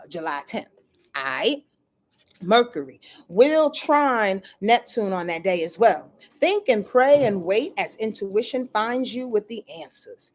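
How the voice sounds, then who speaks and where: A woman astrologer talks through her weekly forecast in a casual, slangy way. She speaks right to her viewers, throws in swear words and laughs here and there. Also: medium pitch.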